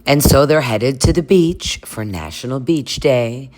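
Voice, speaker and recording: Chatty low-voiced woman recapping TV. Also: animated, unhurried, darkish tone. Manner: chatty and crude, laughs a lot, puts on voices for cast members. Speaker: recap vlogger. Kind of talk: casual reality TV recap.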